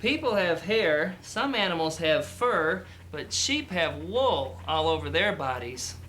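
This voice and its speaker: A man speaking as a farmer who presents to children, cheerful and animated, explaining farm animals outdoors. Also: fairly high pitch, measured pace, a little hiss or hum. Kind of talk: scripted children's educational presenting.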